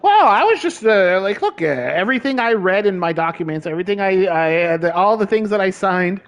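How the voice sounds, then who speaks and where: An exasperated man rants with a slightly raised pitch in a casual vlog. He swears freely and keeps breaking into laughter. His talk runs loose and conversational, full of fillers and sudden jabs. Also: animated, fairly quick. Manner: exasperated, profane, laughing often. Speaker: vlogger. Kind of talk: casual ranting chat.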